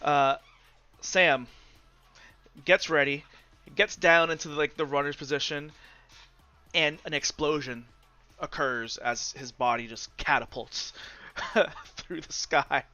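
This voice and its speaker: A man's voice: a little high, fairly even intonation, slow, pauses often, pushed and bright, faint music behind. A man narrating a tabletop game as game master, descriptive, with frequent fillers. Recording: dull lo-fi recording.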